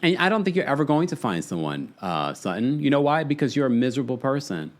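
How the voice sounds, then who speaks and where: A man's voice: medium pitch, big pitch swings, quick pace. A young man hosting a casual, gossipy reality TV recap, reading out live chat and laughing often. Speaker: podcast host.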